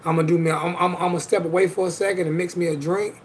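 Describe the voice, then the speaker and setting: Brief: high-pitched adult man, livestream host, emphatic and repetitive, casual slangy delivery. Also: fairly even intonation, racing, a little hiss or hum. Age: adult with children. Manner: emphatic, repeats himself, slangy.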